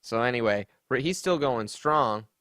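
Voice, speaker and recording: Animated, sarcastic male podcast host. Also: mid-range voice, normal speed, clear, resonant tone, no room sound, studio quality. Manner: sarcastic, mocking, with sassy put-on voices for quotes. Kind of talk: casual comedic commentary.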